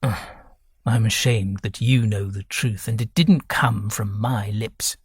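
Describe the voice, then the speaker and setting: A man voicing a frail, ill older man who wheezes and speaks slowly and haltingly. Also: on the low side, fairly even intonation, slightly rough, no echo, studio quality, exaggerated voice. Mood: ashamed. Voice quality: wheezing, weak.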